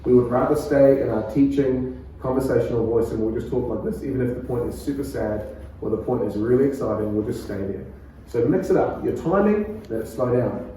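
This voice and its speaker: Kiwi male pastor teaching preaching, calm and chatty, mellow tone, picked up from a distance in an echoey church hall. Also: medium pitch, brisk, slight background noise. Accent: New Zealand. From New Zealand. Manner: calm, conversational, laughs often. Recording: echoey room, far from mic.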